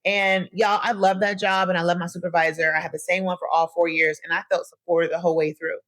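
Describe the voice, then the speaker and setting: Fast and lowish-voiced, a young podcast host from the US Midwest chats solo with her audience, recorded with no room sound. She tells lively stories from her own life and keeps calling listeners "y'all."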